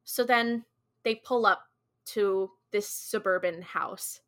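A young woman talks through a TV episode, quoting the characters as she goes. Her voice is bright and clear, sitting in a middle pitch. She pads her sentences with likes and ums in an easygoing podcast way. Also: takes it slowly. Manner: chatty retelling with quoted dialogue, many likes and ums. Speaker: podcast co-host. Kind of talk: casual episode recap.

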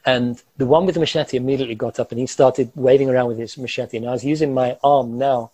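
A guest vividly recounts a personal ordeal in the first person, his voice husky, mellow, and medium in pitch at a quick pace. He is animated, gesturing as he talks and chuckling through the tense moments. The low-quality recording has no room sound.

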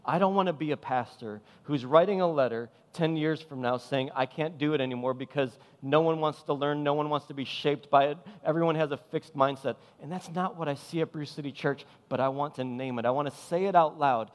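A man's voice: on the high side, a little fast, few pauses. A man preaching a sermon as pastor, impassioned and emphatic, driving points home with repeated phrases. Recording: long hall reverb.

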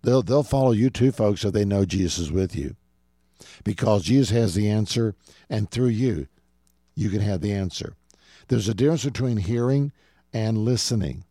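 A man's voice: fairly low pitch, animated, moderate pace, dark tone, no room sound, studio quality. A middle-aged man preaching a radio sermon, earnestly and directly calling his listeners "folks". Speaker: radio show host and preacher.

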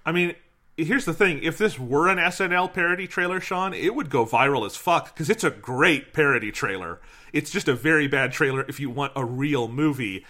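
A man's voice: on the high side, moderate pace, bright, forceful tone. A man co-hosting a podcast, talking casually in a blunt, emphatic, profane way. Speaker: podcast co-host. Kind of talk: casual chat.

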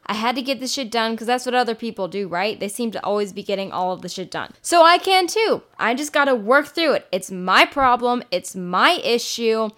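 A young woman talking candidly on her solo podcast, casual and frank, swearing now and then. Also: mid-range voice. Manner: candid, swears casually, breaks into silly singing. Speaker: podcast host.

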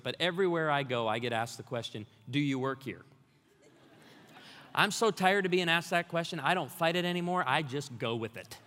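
High bright-voiced pastor preaching in a hall. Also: male voice, slight background noise. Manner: storytelling with humor, rising to energetic exhortation. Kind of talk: sermon. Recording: long hall reverb.

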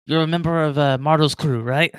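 A man voicing a gruff, teasing male dwarf ship captain who ribs newcomers in a folksy way. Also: fairly high pitch, steady tone, brisk, no echo, close to an everyday voice. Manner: loud, ribbing, folksy.

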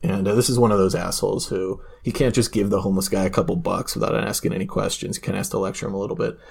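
A man's voice: deep voice, fairly even intonation, very fast, vocal fry, a little mellow, husky. A man telling stories and arguing in a casual podcast chat, rambling with restarts and laughter.

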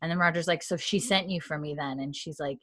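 Woman, fairly low voice, dry close sound, chatty episode recap, lots of "like". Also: quick pace, dry recording. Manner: retells dialogue in a hushed, lowered voice with frequent "like". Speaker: podcast co-host recapping a TV episode. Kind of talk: casual chat, retelling scenes with quoted lines.

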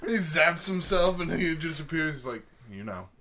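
A man's voice: a little high, normal speed, a loud crowd. A man co-hosting a crude comedy podcast, joking and laughing through his lines. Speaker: podcast co-host.

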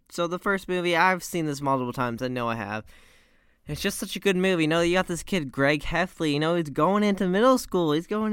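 A man's voice: a little high, a bit bright, clear, resonant tone, no room sound, studio quality. A teenage boy rambling animatedly in slang as he reviews a movie series. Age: teens.

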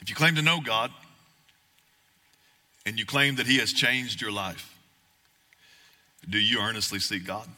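A young man preaching a sermon in a casual, folksy, joking way that rises at times to shouting. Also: on the low side, unhurried, pauses often. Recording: echoey hall.

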